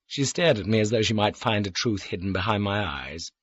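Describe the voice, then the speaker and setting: A man's voice: fairly low pitch, brisk, hardly any pauses, fairly bright tone, husky, dry recording. Dry, wry male audiobook narrator. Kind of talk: first-person scripted narration. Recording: dull lo-fi dry recording.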